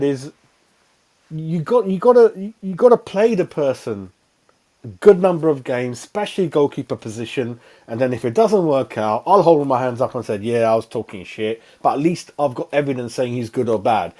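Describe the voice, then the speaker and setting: A man rants through a post-match fan reaction, stumbling and repeating words as he goes. His voice sits a little high but sounds soft and mellow rather than sharp. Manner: rambling, repeats himself, exasperated. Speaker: fan channel pundit.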